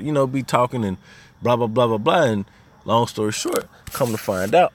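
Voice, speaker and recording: A podcast host from Little Rock talks a little fast in a voice on the low side, his Arkansas Southern accent clear. He shares personal stories casually, with lots of slang and "you know what I mean."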